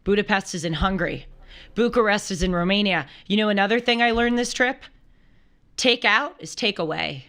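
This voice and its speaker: A woman hosting a talk show, telling a travel story in a lively, chatty way and acting out the people in it. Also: medium pitch, normal speed. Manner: animated storyteller who acts out quoted voices. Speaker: show host. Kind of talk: casual chat.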